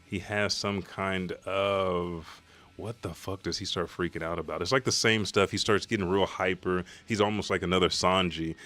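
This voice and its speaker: A man hosting a live comic reaction stream, talking in a rambling, profane, excitable way. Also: low voice, moderate pace.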